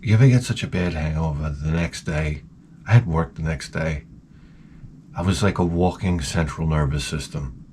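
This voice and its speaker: A man's voice: very deep voice, moderate pace, darkish tone, a little hiss or hum. A hungover man vlogging in a rambling, profane comedic monologue. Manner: rambling, profane, crude humor.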